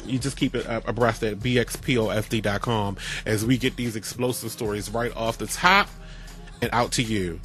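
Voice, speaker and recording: A man hosting a casual radio talk show, telling stories in an animated way with frequent restarts. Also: fairly low pitch, moderate pace, faint music behind. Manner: animated storyteller, restarts often.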